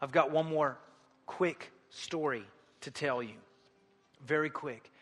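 A man preaching a sermon to his church, moving between quiet pleading and loud exhortation. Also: on the high side, takes it slowly, pauses often. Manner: swings from hushed appeals to loud exhortation. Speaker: pastor. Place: large church sanctuary. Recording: long hall reverb.

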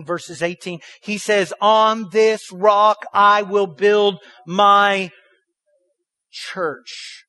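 A man's voice: high voice, sharp tone. A man preaching a sermon as pastor, firing rhetorical questions and leading the congregation in repeating lines.

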